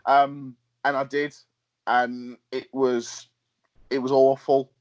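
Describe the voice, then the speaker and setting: A young British man chats casually as a podcast guest, telling animated stories full of fillers and laughs. His voice sits in a middle pitch, and the recording sounds dull and lo-fi. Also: slow. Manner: lively storyteller, laughs often, hesitant fillers. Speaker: wrestler and promoter, guest. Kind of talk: casual interview chat.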